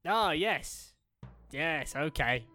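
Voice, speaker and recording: Woman player, lowish voice that swings a lot, dry impatient banter. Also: lively intonation, very slow, sharp tone, faint music behind. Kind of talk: casual tabletop play.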